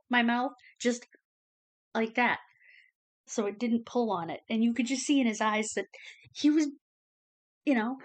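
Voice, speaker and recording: A woman giving a casual personal update to her camera, rambling with many fillers and emotional, close to tears at times. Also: a little high. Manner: many fillers like "you know" and "um". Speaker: vlogger. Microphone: camera facing the speaker.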